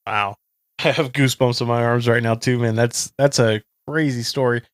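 A man's voice: medium pitch, fairly even intonation, normal speed, no echo, studio quality. A man talking casually about recovery, friendly and reflective, often calling his guest "man". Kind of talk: casual conversation.

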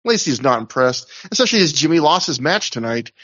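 Male podcast host, slightly high voice, dull lo-fi recording, rambling casual recap. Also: sing-song, fast talker, a bit bright, husky. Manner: chatty, recounting with asides and laughs.

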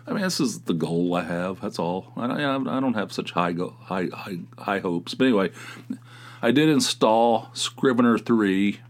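A man's voice: fairly low pitch, lively intonation, measured pace. A middle-aged man hosting his podcast from his home office, chatting casually in a rambling, self-mocking way and swearing freely. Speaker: podcast host. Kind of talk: casual solo chat.

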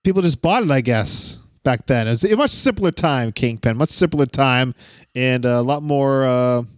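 A man's voice: medium pitch, moderate pace, no room sound, studio quality. A man hosting a casual podcast, chatting and reading listener messages aloud. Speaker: podcast host.

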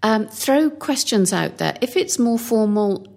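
A woman's voice: fairly high pitch, lively intonation, unhurried, gravelly, darkish tone. A woman coaching on presenting, giving tips in a practical, instructive way. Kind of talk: podcast chat giving advice.

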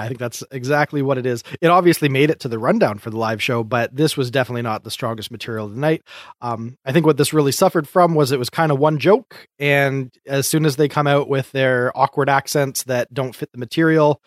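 A man co-hosting a laid-back podcast, mid-pitched and easygoing. He reviews comedy sketches in loose, hesitant sentences full of restarts and fillers. The sound is dry and close to the mic. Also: no room sound. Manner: chatty, hesitant restarts, frequent laughs. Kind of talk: casual podcast chat.

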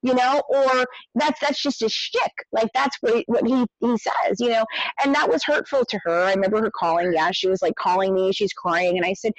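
A woman hosting a conversation, explaining her points in an animated way with quick asides. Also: a little high, dry recording, rough recording. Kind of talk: conversational commentary.

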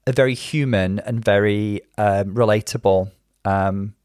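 A man, co-hosting a casual reaction chat with campy, excitable commentary. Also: on the low side, unhurried, clean tone, dry recording, studio quality. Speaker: podcast co-host.

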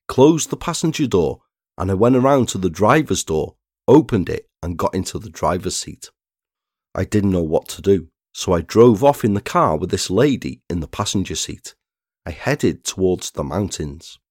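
Low-voiced man narrating true crime. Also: a little mellow, breathy edge, no echo, studio quality. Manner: measured, reads statements aloud plainly.

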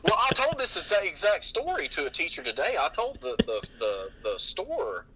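A middle-aged man telling family stories on a podcast in casual chat, animated and often laughing, with many restarts. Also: on the high side, moderate pace, poor audio. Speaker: podcast guest.

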